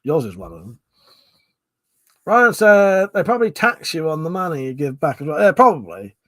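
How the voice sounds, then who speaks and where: A man rambles through a casual livestream chat, reading out viewer comments. His voice sits a little high for a man, and his talk is loose and sweary, peppered with laughs and yawns, a touch short of breath. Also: very animated, normal speed, fairly bright tone. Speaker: live stream host.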